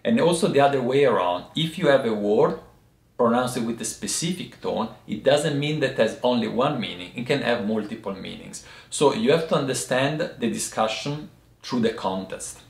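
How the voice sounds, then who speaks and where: A man teaching a lesson to camera in a thoughtful, explanatory way, often pausing to find the right word. His voice sits at a middle pitch, and the room adds a noticeable echo. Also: expressive, gravelly. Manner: thoughtful, pauses to find words. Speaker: host teaching Chinese tea words.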